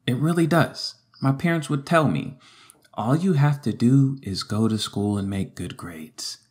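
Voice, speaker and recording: A man's voice: mid-range voice, lively intonation, measured pace. A man co-hosting a podcast in casual chat, playful and teasing, drawing out his words. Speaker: podcast co-host.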